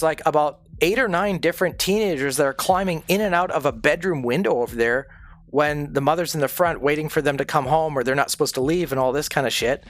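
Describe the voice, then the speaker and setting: A man who is a streamer, ranting in casual, profane talk during a game stream. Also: a little high. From not from the United States.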